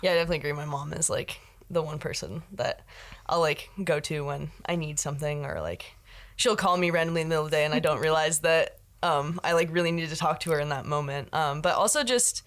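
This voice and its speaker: Young woman guest with a really low voice, chatty, lots of "like"s and "um"s, casual interview talk. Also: fast talker. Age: young adult. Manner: chatty, uses many fillers like "like" and "um". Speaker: guest, recent university graduate.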